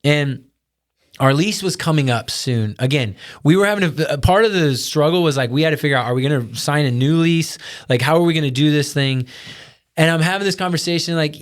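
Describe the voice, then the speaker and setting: A podcast co-host in a casual chat, this man earnestly retells a family story, quoting the things he thought to himself along the way. His voice is fairly high and he talks fairly quickly.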